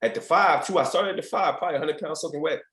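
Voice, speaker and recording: A man's voice: a little high, racing, a bit bright, reverberant. A man in his late twenties from Virginia telling stories as a podcast guest, candid and profane, often acting out what others said. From United States, Virginia. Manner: candid, profane, reenacts quotes in other voices. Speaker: podcast guest, former basketball player. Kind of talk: casual storytelling interview.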